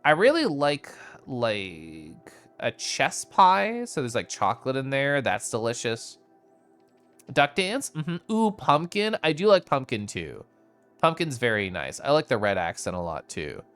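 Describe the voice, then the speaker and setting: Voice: medium pitch, big pitch swings, measured pace, a bit bright, soft background music. A streamer giving casual live-stream commentary while playing a game, bubbly and giggly with playful squeals.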